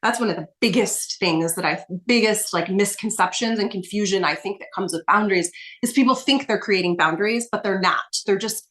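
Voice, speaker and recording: A woman's voice: mid-range voice, fairly quick, fairly bright tone. Emphatic woman coach explaining with "right?". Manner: emphatic, explaining, tags nearly every point with "right?". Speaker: coach, podcast guest. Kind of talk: casual conversation.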